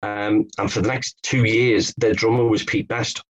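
A man's voice: fairly low pitch, flat delivery, moderate pace, low-quality recording. A man from England, a guest author telling stories in an interview, hesitant with many restarts. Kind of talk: conversational interview.

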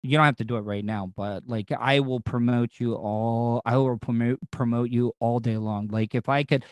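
A man's voice: mid-range voice, steady tone, normal speed, no room sound. A man with a Southern American accent, a radio host rambling through a casual interview chat with plenty of fillers and restarts. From Southern United States.

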